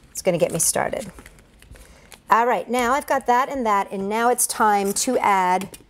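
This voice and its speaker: Woman, craft tutorial, chatty, step-by-step narration, middle pitch, faint background noise. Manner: chatty, narrates each step aloud while working with her hands. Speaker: children's event planner and craft entertainer.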